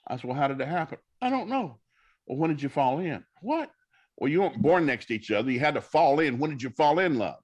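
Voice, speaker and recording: A man's medium-pitched voice, a little mellow with a breathy edge, rushes along fast with hardly any pauses. This minister, a storytelling talk-show guest, is folksy and preacherly, acting out quoted dialogue.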